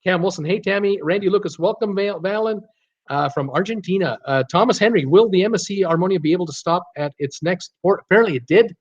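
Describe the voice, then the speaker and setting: A man's voice: high voice, quick pace, lo-fi sound. A man from Canada with a slight Canadian accent hosts a casual live stream, reading out chat messages and answering with lots of laughs and fillers. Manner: chatty, laughs often, many fillers and restarts. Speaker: cruise channel host reading live chat. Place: home room with computer.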